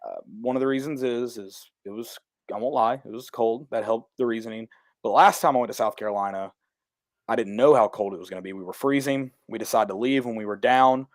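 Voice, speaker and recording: A man co-hosting a podcast in casual sports chat, rambling and cutting himself off, his delivery often flat. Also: on the low side, no room sound, studio quality. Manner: rambling, self-interrupting, flat delivery he jokes about. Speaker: podcast co-host.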